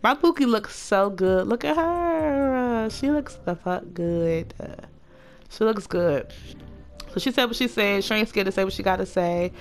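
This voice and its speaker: A woman's voice: mid-range voice, normal speed, faint music behind. A woman giving casual, sassy, profane let's-play commentary. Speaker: gaming channel host.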